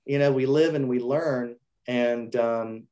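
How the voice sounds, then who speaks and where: A man speaks as a guest in a casual interview, his voice at an ordinary middle pitch. He is earnest and reflective, often starting his sentences over. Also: fairly even intonation, takes it slowly, mellow. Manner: earnest, reflective, with frequent restarts.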